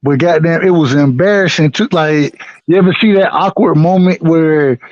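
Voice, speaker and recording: A man's voice: fairly high pitch, normal speed, a little mellow, no room sound. A man from the United States, chatting casually about boxing in a laid-back, profane way and repeating himself a lot. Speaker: boxing podcast co-host. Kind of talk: casual chat. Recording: dry, slightly dull sound.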